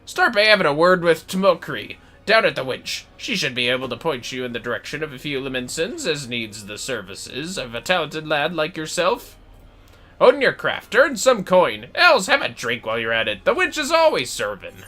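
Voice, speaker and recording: A man voicing a hearty, bossy older male craftsman with a loud, put-on brogue, reading game dialogue aloud. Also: on the high side, big pitch swings, moderate pace, voice pushed up, exaggerated voice. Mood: lecturing.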